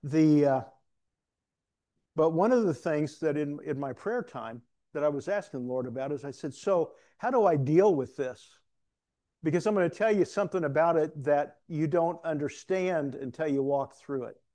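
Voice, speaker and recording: Speaking at a normal speed, this preacher has a fairly high, warm voice. He shares a frank testimony with an audience in the room, weaving in stories and jokes at his own expense.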